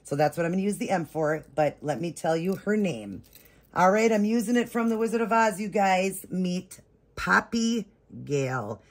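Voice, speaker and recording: A husky, somewhat low-voiced woman gushes over an unboxing for her viewers, stretching her exclamations and stacking one after another. She talks in a casual, excited chat style. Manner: gushing, repeats oh my gosh, drawn-out exclamations. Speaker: reborn doll vlogger.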